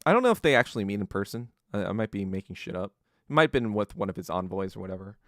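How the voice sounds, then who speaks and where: A man's voice: fairly low pitch, sing-song, racing, no room sound, studio quality. A man hosting a podcast, telling history in a loose, casual monologue full of swearing and acted-out quotes. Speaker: podcast host.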